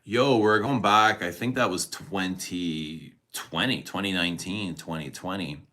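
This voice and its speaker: A man's voice: low-pitched, a little slow, pushed and bright. A man hosting a casual livestream, rambling about his day and reading viewer comments, chuckling often and swearing freely. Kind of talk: casual live chat.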